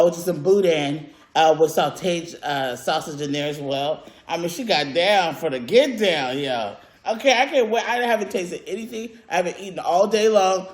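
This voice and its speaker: A woman talks to her camera at home with a lively, swooping voice, gushing about her food between mm sounds and fillers. The room is echoey, and the sound comes off a camera mic. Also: on the low side. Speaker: mukbang vlogger. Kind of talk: casual eating vlog chat. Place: at home, indoors.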